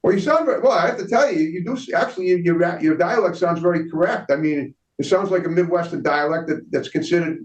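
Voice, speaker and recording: A man's voice: on the high side, quick pace, hardly any pauses. A man hosting an interview, asking rambling questions and repeating words. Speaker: interview host. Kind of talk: casual interview chat. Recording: roomy, distant, dull audio.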